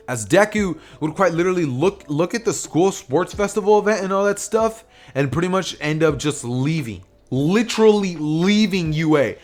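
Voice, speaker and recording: A young man casually narrating an anime what-if story, rambling with lots of fillers and restarts. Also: high voice. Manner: rambling, filler-heavy retelling.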